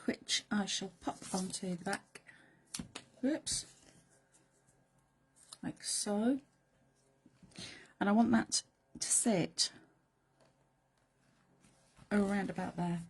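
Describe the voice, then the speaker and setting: A middle-aged woman presenting a live craft demonstration, chatty and playful, sometimes dropping to soft whispered asides as she works. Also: medium pitch, very slow, long pauses, a little hiss or hum. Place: craft studio.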